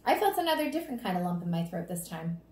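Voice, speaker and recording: A woman narrating a children's storybook aloud in a steady, plain manner. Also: fairly low pitch, quick pace. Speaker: reader. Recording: roomy echo.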